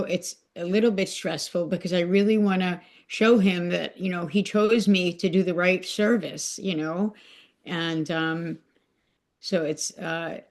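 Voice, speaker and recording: A woman's voice: on the low side, vocal fry, darkish tone. A woman on a podcast sharing a personal devotional story, talking emotionally and rambling with many fillers. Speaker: podcast guest. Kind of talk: casual heartfelt sharing.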